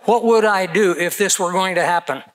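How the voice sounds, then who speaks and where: A pastor in his seventies preaches a sermon, drifting comfortably into personal stories. His voice is pitched slightly higher than the typical man's, fairly bright, and he speaks at a normal speed in an earnest, conversational way. The audio quality is poor.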